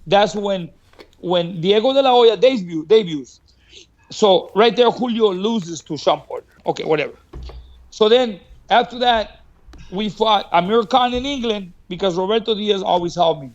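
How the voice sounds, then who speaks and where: High-voiced man telling a story. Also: moderate pace, highs cut off. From Mexico. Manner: animated, acts out quoted dialogue, laughs often. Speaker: boxing trainer, podcast guest. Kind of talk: casual storytelling. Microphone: studio podcast mic.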